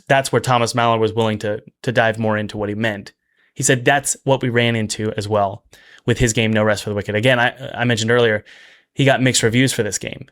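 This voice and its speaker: In a mid-range voice, a male host talks energetically through a casual video about game development. Restarts, quick asides, and repeated key phrases for emphasis mark his chatty style.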